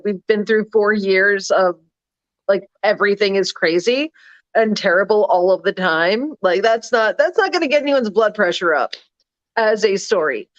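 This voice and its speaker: A woman's voice: medium pitch, no room sound, lo-fi sound. A woman co-hosting a casual political chat, sarcastic and prone to trailing off and restarting sentences. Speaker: political blog writer and co-host.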